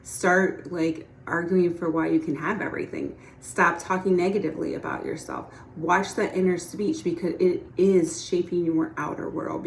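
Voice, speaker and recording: A woman with a lowish voice talks casually as a manifestation coach. She keeps things chatty and encouraging and keeps checking that the listener is following. The sound carries a roomy echo. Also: a little hiss or hum. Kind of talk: casual teaching monologue.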